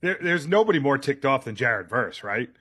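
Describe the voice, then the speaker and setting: A man's voice: medium pitch, big pitch swings, moderate pace, fairly bright tone, breathy edge. A man on a sports talk show, joking and quoting lines for laughs.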